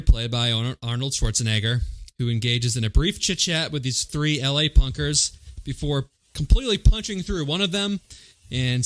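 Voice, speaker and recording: A man's voice: fairly high pitch, a bit bright. A young man co-hosting a podcast in casual chat, laughing easily as he recaps a film's plot. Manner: laid-back, recaps the plot, laughs often. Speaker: podcast co-host.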